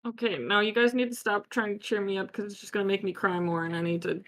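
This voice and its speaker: A woman's voice: medium pitch, fairly even intonation, quick pace, fairly bright tone. A woman playing her character at a tabletop game, playful and tearful, laughing often. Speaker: player.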